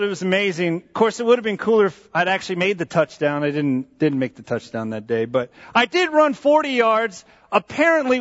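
A man giving a sermon as a pastor, telling a personal story in an animated way, with asides and repeated phrases. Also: high-pitched. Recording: dull, echoey hall sound.

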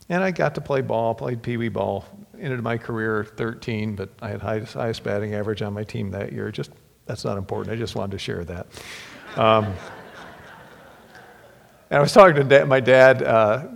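A middle-aged man preacher telling personal stories in a sermon, halting and heartfelt, with repeated words and whispers on tender lines. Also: medium pitch, vocal fry. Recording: long hall reverb.

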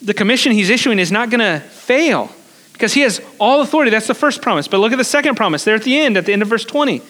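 A man's voice: high-pitched, expressive, fast, pushed and bright. A man preaching a sermon to a congregation, explaining step by step, repeating words as he goes and putting questions to his listeners. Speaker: pastor. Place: church service.

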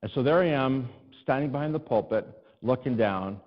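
A man preaching a sermon as a pastor, telling stories from his own life with humor at his own expense. His voice sits at an ordinary middle pitch and climbs into exasperated pleas. The sound is slightly dull and carries a long hall reverb. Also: normal speed. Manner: animated, self-deprecating, rising to exasperated cries. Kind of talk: storytelling sermon.

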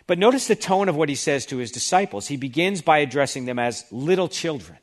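A man's voice: fairly high pitch, expressive, a little fast, few pauses. A man preaching an expository sermon, reading scripture aloud with emphasis and explaining it to the congregation. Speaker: pastor.

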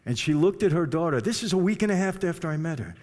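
A man's voice: on the high side, expressive, quick pace, a little mellow. An older man telling a personal testimony to an audience, in a conversational way with direct asides to the listeners. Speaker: speaker giving a personal testimony. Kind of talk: storytelling to a live audience.

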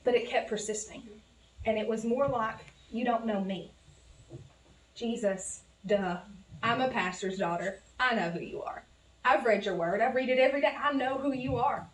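A woman's voice: fairly high pitch, fairly quick, a little hiss or hum. A woman preaching a heartfelt, folksy sermon as a guest preacher, sincere and openly emotional. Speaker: guest preacher, pastor's wife. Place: church sanctuary. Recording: echoey church, distant mic.

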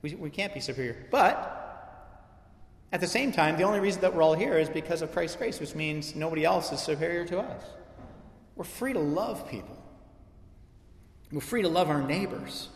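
A man's voice: on the high side, normal speed, pauses often. A middle-aged man preaching to his church, conversational yet impassioned, driving points home with repetition. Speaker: pastor. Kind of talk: sermon. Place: church sanctuary. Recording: echoey hall with long reverb.

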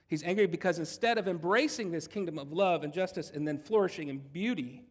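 Conversational pastor in a reverberant hall. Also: male voice, a little high, brisk, slightly rough. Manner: conversational, jokes with the congregation. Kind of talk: sermon.

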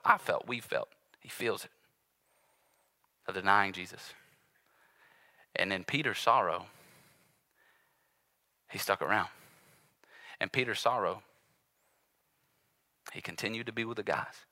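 A man preaching a sermon, telling the story with dramatic swings between loud outbursts and hushed passages, acting out the voices in it. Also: medium pitch, no room sound.

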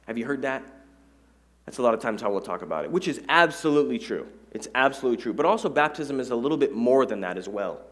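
Male pastor, mid-pitched, preaching casually with jokes and repeated lines. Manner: conversational, joking asides, rhetorical questions to the congregation; repeats key phrases for emphasis. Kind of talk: sermon. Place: church.

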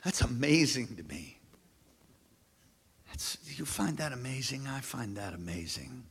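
A man preaching a sermon as pastor, calling on the congregation to repeat after him, moving from hushed lows to shouted peaks. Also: sing-song, a little slow, breathy edge. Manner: call-and-response preaching, swings from hushed to shouting. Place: church sanctuary. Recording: long hall reverb.

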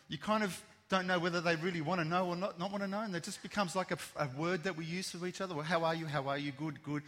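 A man preaching an Easter sermon to his church, repeating key phrases with emphasis and turning quiet and low when he prays. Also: in a large hall. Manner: repetitive, emphatic preaching, softens for prayer. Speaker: pastor. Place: church hall.

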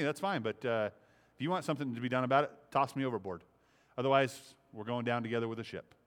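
A man's voice: medium pitch, a bit bright. A man preaching a sermon, impassioned, repeating phrases and acting out the speech he quotes. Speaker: pastor.

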